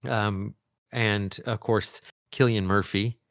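A man co-hosting a podcast in a loose, animated chat. His voice sits on the low side, and he rambles and restarts as he thinks. The sound is dry and close. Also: slow, no echo. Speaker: podcast co-host. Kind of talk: casual chat.

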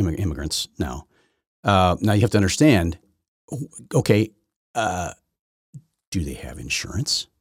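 Husky, combative male podcast host. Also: deep voice, no room sound, clean studio sound. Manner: rambling, self-correcting, combative. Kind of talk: solo political commentary.

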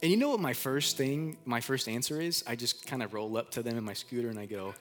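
A male pastor preaches in an easygoing, conversational way, full of repeated phrases and little fillers. His voice sits at an ordinary middle pitch, and soft music plays faintly behind him. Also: animated, a little fast, hardly any pauses. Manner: casual, repeats phrases, lots of "like"; asks the congregation to call out answers. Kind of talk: sermon. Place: church.

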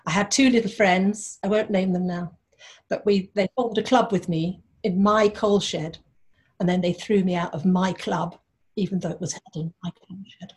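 A woman in her sixties from London, a playwright and actress, telling wry anecdotes in an interview with many pauses and fillers. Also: on the low side, steady tone, a little mellow. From London, England. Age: 60s. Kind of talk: conversational interview.

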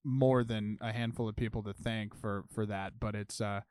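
A man's voice: lowish voice, steady tone, normal speed, darkish tone, smooth, no room sound, clean studio sound. A man talking as a podcast guest in casual chat, laid-back, laughing often and swearing casually. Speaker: musician guest.

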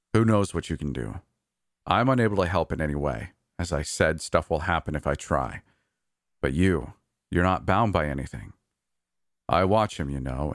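A man's voice: rumbling low, dry recording. A man voicing a guarded middle-aged park manager who speaks dryly and bluntly. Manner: dry, quiet, blunt.

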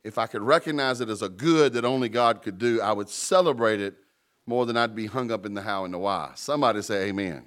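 A man's voice: lowish voice, fairly quick, fairly bright tone. A man preaching a sermon as pastor. He speaks emphatically, repeats key words for weight, and slips into colloquial asides to the congregation.

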